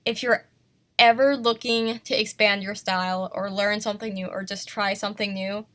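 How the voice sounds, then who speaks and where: A woman's voice: medium pitch, fairly even intonation, normal speed, a bit bright. A woman who is sick, teaching an art lesson in a casual, self-conscious way and apologizing for herself. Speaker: art tutorial host.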